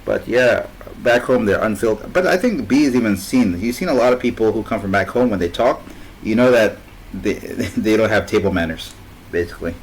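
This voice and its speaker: A man's voice: on the low side, animated, a little fast, poor audio. A man hosting a casual voice chat, rambling anecdotes with frequent laughter. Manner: rambling, laughs often, restarts. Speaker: host.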